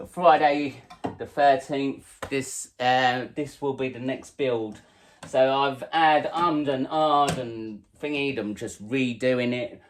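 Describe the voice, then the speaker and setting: A man, hosting a casual vlog and chatting in a relaxed way about his tarantulas, with plenty of ums. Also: mid-range voice, slight background noise. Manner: chatty, laid-back, says um and uh a lot. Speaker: tarantula keeper and channel host. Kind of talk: casual show-and-tell vlog.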